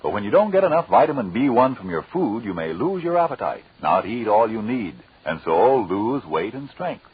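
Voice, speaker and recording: A man's voice: fairly low pitch, sing-song, normal speed, hardly any pauses. A male radio announcer reading persuasive ad copy in an emphatic, old-time manner. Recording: dull old radio recording.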